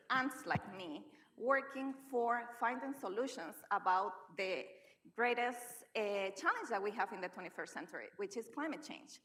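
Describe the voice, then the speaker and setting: A bright-voiced woman introduces herself on a conference panel. Her English is earnest and a little in its phrasing. She sounds somewhat far from the mic. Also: medium pitch. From Bolivia. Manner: non-native phrasing, earnest. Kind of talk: panel discussion.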